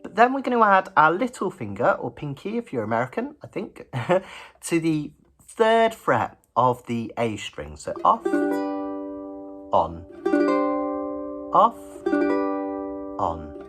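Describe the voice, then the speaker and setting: Upbeat male music tutor, friendly and chatty, voice swinging widely in pitch, ukulele playing under his talk. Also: very animated, normal speed. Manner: chatty and encouraging, counts beats aloud while strumming. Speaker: ukulele teacher. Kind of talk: friendly instructional lesson. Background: his own ukulele playing.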